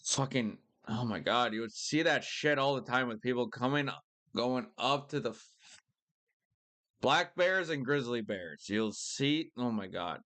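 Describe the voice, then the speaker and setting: Excitable young man ranting on stream. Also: medium pitch, measured pace. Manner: excitable rambling with frequent swearing. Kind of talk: casual live-stream commentary. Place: lives in a city in Missouri.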